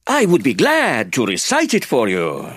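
A man playing a drunk sea captain, sneering and contemptuous, wildly swooping pitch, dry close sound, audiobook. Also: wildly swooping pitch, measured pace, fairly bright tone, husky, no echo, heavily acted. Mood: scornful. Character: drunk bitter older male ship captain.

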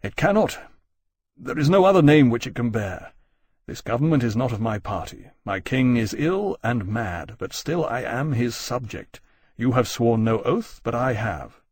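A man reading a weary, duty-bound male officer in a low, flat, formal voice for an audiobook. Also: normal speed, husky, dry recording. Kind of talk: audiobook character voice.

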